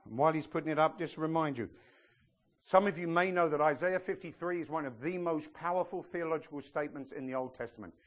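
A man's voice: on the high side, quick pace. A man preaching a sermon as pastor of a church, in a humorous, emphatic style. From outside the US.

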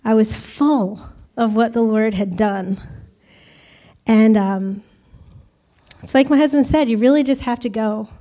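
A fairly high yet dark-toned voice at a measured pace belongs to an American woman sharing her mission-work testimony with a church congregation. She's chatty and laughs a lot while speaking.

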